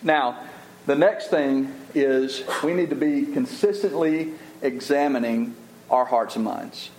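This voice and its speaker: A man's voice: mid-range voice, takes it slowly, a little mellow, reverberant, a little hiss or hum, rough recording. A middle-aged male pastor preaching a sermon in an earnest, conversational way, often restarting his sentences.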